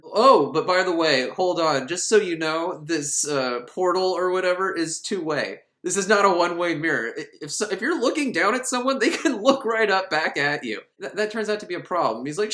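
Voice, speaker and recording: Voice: medium pitch, expressive, normal speed, few pauses, a bit bright, echoey room. A film reviewer recapping a movie in a casual, sarcastic, comedic way, often laughing.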